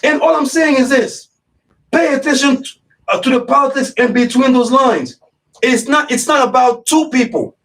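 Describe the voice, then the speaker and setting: High-pitched radio host guy, going off on politics, sounds far from the mic, lots of y'all. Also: normal speed, a bit bright. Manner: impassioned, repetitive, addresses listeners as y'all. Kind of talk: live radio talk show commentary.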